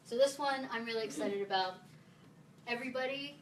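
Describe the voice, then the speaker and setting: A woman's voice: fairly high pitch, fairly quick, a little hiss or hum. A woman from the Philippines giving a casual, playful talk at a meetup, quizzing her audience. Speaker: conference speaker. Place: meeting room with audience. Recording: roomy sound, mic at a distance, faint ambience.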